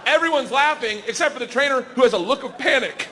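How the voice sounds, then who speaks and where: A man in his thirties telling a wild story in stand-up comedy, loud and animated, yelling the big moments and laughing through his lines. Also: high-pitched, a little fast, few pauses, some chatter behind, a little hiss or hum. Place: comedy club stage before a laughing audience. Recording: live hall reverb, faint ambience.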